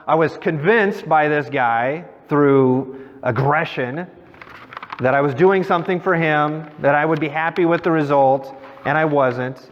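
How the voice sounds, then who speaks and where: A middle-aged male pastor preaching in a relaxed, conversational way, with a slightly higher voice. His voice carries a long church reverb and sounds dull and muffled. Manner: conversational preaching with personal stories. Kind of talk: sermon. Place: church sanctuary.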